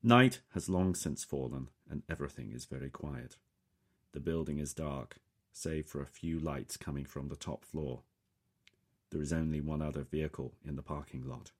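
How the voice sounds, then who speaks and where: A man reading a first-person story in a calm, measured way. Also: rumbling low, husky. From England. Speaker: audiobook narrator. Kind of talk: scripted first-person narration.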